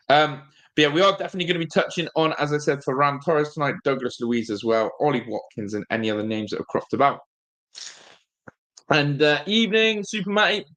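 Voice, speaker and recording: A man hosting a live fan stream, chatting casually and reading out the chat. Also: medium pitch. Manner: rambling, animated, reads chat aloud. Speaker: fan channel host.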